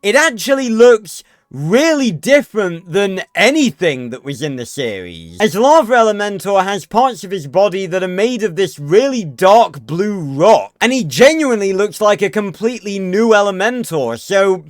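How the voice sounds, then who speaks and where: A man talking casually to his viewers, chatty and quick with an opinion. His voice is high and smooth, close and dry. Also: big pitch swings, no echo. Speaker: video host. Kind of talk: casual video commentary.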